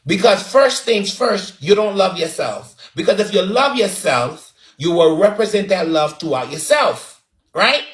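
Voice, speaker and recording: A man's voice: sits high, animated, unhurried, fairly bright tone. A man with a Barbadian accent giving sassy, dramatic roasting commentary with lots of repetition. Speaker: online commentator. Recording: roomy echo.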